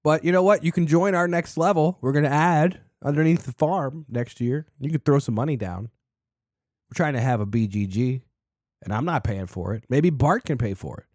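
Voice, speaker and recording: A man's voice: on the high side, normal speed, darkish tone, dry recording, studio quality. A man hosting a podcast, chatting casually with laughs, swearing and dramatic complaints. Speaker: podcast host. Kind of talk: casual chat.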